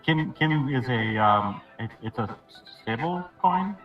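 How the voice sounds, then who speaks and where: A man calling in to a livestream, talking in a dry, deadpan way. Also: mid-range voice, slow, lo-fi sound, faint music behind. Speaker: caller. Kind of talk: casual call-in chat. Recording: echoey call from far off.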